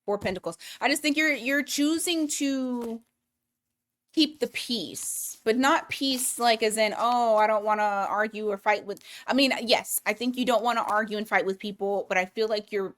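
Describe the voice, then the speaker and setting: A woman's voice: fairly high pitch, normal speed, fairly bright tone. A woman giving a casual weekly tarot reading, blunt and profane, thinking aloud as she pulls cards. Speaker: tarot reader.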